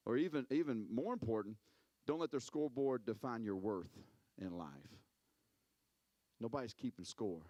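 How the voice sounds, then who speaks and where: A man preaching a sermon as a pastor, telling stories in an animated way, repeating words and acting out quotes. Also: mid-range voice, normal speed, pauses often, no echo.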